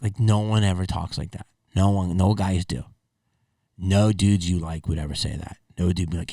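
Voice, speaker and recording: A man's voice: fairly low pitch, moderate pace, creaky, no echo, studio quality, recorded from a distance. A man hosting a podcast, reacting to clips in a blunt, rambling, profane way. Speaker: podcast host. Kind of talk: casual reaction commentary.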